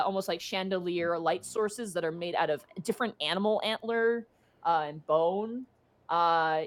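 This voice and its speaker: A woman running a tabletop game, narrating scenes in a loose, rambling way. She fills her descriptions with "like" and "uh" and keeps a steady mid-range pitch. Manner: casual, rambling, full of "like" and "uh". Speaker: game master.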